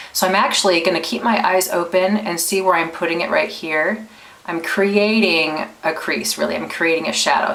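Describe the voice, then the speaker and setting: Low-voiced woman teaching makeup, roomy echo. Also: fairly bright tone. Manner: chatty, explains step by step with small restarts. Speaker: makeup tutorial host. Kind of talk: casual makeup tutorial.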